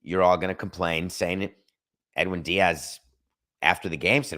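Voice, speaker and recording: A man's voice: deep voice, steady tone, unhurried, long pauses, fairly bright tone. A middle-aged man hosting a sports talk show, ranting in an opinionated, sarcastic monologue. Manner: sarcastic, emphatic, rants with mock quotes.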